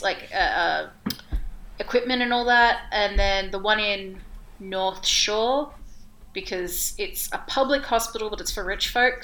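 A woman's voice: mid-range voice, pushed and bright. An Australian woman co-hosting a casual chat, talking in a chatty way with lots of fillers. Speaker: podcast co-host.

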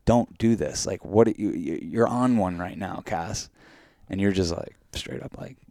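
A man co-hosting a podcast, telling a vivid dream in animated, casual chat full of fillers. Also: deep voice, a little slow, vocal fry, no room sound, clean studio sound. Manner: animated storytelling with many fillers. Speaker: podcast co-host.

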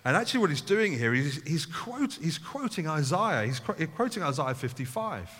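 Earnest preacher, bright voice, hall reverb. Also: male voice, on the high side, big pitch swings, moderate pace, husky. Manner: earnest, rises to emphatic calls. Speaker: pastor. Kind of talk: sermon. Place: church hall.

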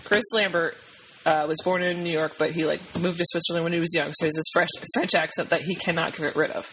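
A woman's voice: on the low side, steady tone, quick pace, fairly bright tone, slight background noise, low-quality recording. A young woman co-hosting a podcast, casually recapping a movie in a rambling, enthusiastic way full of fillers. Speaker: podcast co-host.

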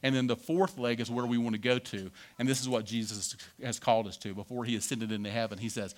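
A pastor gives a relaxed, conversational sermon, checking in with his listeners again and again. His voice sits at a middle pitch for a man. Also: fast, hardly any pauses. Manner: conversational preaching with frequent "right?" asides.

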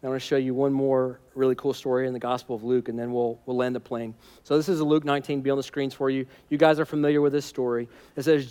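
A man's voice: medium pitch, fairly even intonation, a little fast, hardly any pauses, a little mellow, smooth. A man preaching a sermon in a conversational, humorous and emphatic way. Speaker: pastor.

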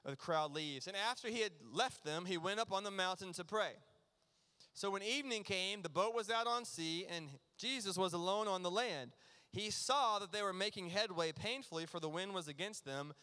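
A man preaching a sermon as pastor, earnest and emphatic, sometimes dropping to a near hush. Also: sits high, moderate pace, clean tone. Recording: long reverb of a large hall.

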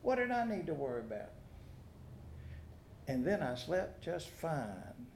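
A man's voice: a little high, very animated, unhurried, a little mellow, a little hiss or hum. A man preaching a sermon as pastor, telling stories with dry humor and asking the congregation questions. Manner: folksy storytelling with dry humor and rhetorical questions. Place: church sanctuary. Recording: echoey church sanctuary.

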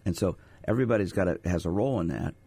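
Low-voiced male radio host, dry studio. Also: very fast, warm tone, husky, dry recording. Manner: storytelling, conversational, rhetorical questions. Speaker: radio show host, sports psychologist. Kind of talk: radio talk show chat. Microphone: studio microphone.

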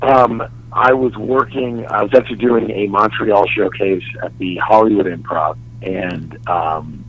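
A young adult man from Texas with a New York-sounding accent, a stand-up comedian chatting casually as an interview guest, laid-back and trailing off quietly. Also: fairly low pitch, steady tone, measured pace, muffled recording. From Dallas, Texas.

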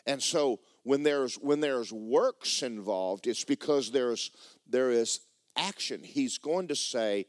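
A pastor, preaching a sermon and telling a personal story with emotion, often repeating himself and speaking straight to the congregation. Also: male voice, mid-range voice, expressive, measured pace, no echo, clean studio sound.

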